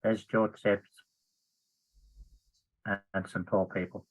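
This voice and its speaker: A man's voice: on the low side, slow, rough recording. A man hosting an online folk song meeting, introducing the next item casually with fillers. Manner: relaxed, with fillers. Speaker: online forum host.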